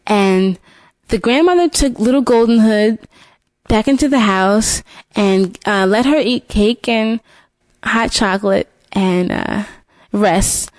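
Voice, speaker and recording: A woman retelling a fairy tale in an unscripted way, with restarts and fillers, lifting her pitch to voice the characters. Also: takes it slowly, darkish tone, no room sound. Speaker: storyteller.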